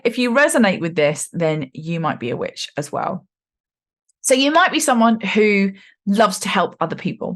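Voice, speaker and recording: Woman in her 40s doing a casual podcast chat, kinda low voice, animated and chatty. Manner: chatty and animated, with slangy asides. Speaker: podcast host. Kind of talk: casual spiritual podcast monologue.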